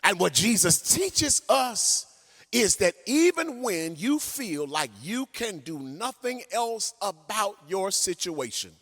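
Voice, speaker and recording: A man pastor preaching a sermon and telling a story in an animated way, sometimes singing his phrases. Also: sits high. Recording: long church hall reverb.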